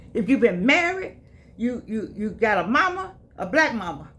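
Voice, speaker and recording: A woman's voice: fairly high pitch, sing-song, a little slow, sharp tone. A woman in her eighties giving a casual spoken reflection, folksy and emphatic, often repeating herself. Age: 80s. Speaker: vlogger.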